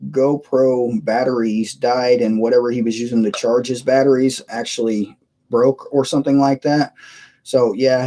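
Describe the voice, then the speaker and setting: A man chatting casually on a live stream from his computer, his voice warm and mellow at a middling pitch. He wanders from story to story, chuckling and reading out viewers' messages. The sound comes through a cheap webcam mic. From United States. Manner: rambling, chuckling, reads chat aloud.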